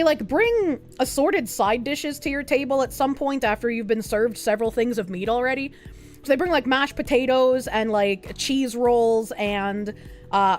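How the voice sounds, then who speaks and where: A young adult woman streaming, chatting casually in a rambling, excitable way and swearing often. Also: high-pitched. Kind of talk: casual chat.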